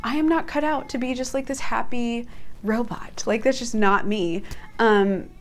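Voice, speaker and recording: A young woman in her twenties telling stories to camera in a casual, chatty way, filling her talk with "like" and jumping up in pitch when she quotes herself. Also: unhurried. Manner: animated, jumps up in pitch when quoting herself. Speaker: vlogger.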